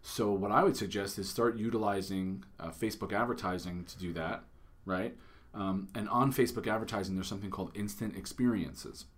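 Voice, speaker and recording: A man in his thirties with a lowish voice chats casually on a podcast about marketing tips. He talks loosely, full of fillers and restarts. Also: fairly quick. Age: 30s. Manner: chatty, lots of fillers and restarts. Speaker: podcast host.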